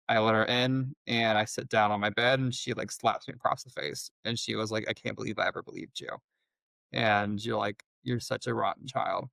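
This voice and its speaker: A young man speaking as an interview guest, telling a personal story in a halting way with many filler words. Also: on the low side, fairly bright tone, dry recording, poor audio. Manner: halting, heavy use of "like" fillers.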